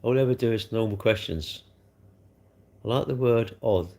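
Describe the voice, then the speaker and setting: A man's voice: lowish voice, moderate pace, mellow. An older man, hosting a casual livestream, chatting in a rambling, blunt way while he answers viewer comments. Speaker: livestream host.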